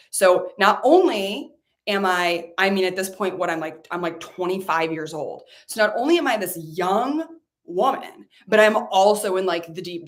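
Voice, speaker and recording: A woman business coach giving a motivational talk, emphatic and blunt, with frequent fillers and swearing. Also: mid-range voice. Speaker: business coach and podcast host.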